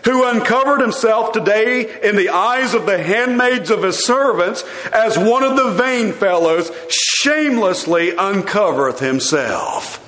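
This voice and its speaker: A man's voice: very high-pitched, expressive, measured pace, a bit bright, exaggerated voice. A man voicing a proud, scornful queen who mocks in a sarcastic tone. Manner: sarcastic, mocking. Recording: echoey room.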